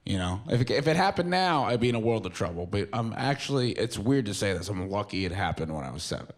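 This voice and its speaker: Lively young man doing stand-up. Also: on the low side, quick pace. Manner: loose, mumbly storytelling with acted-out quotes. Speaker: stand-up comedian. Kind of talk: stand-up comedy set. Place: theater stage with a live audience.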